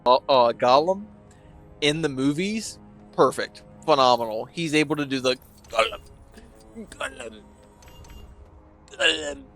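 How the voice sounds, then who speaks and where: A man's voice: medium pitch, a bit bright. Joking, rambling young-sounding gamer guy. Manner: rambling, joking, self-deprecating. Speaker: let's play streamer. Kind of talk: casual gameplay commentary.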